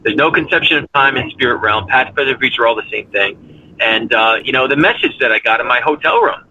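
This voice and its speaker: A man's voice: medium pitch, fairly quick, highs cut off, noisy background. A man being interviewed as a paranormal investigator, talking earnestly in long rambling runs full of fillers and restarts. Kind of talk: casual interview talk.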